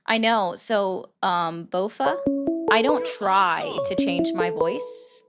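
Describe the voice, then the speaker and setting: A woman's voice: medium pitch, animated, slow, over loud music. Chatty woman hosting a livestream. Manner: chatty, greets viewers by name between thoughts. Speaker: livestream host taking calls. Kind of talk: casual live political commentary.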